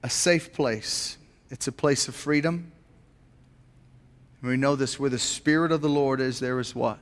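A man's voice: mid-range voice, steady tone, unhurried, long reverb tail. A man preaching a sermon as a pastor, earnest and posing rhetorical questions to his congregation in a church.

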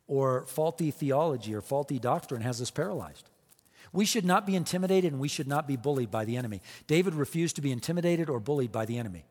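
A man preaching with an emphatic, repetitive cadence, piling up rhetorical questions. His voice sits a touch high for a man. It rings with the long reverb of a big church sanctuary. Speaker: pastor. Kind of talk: sermon.

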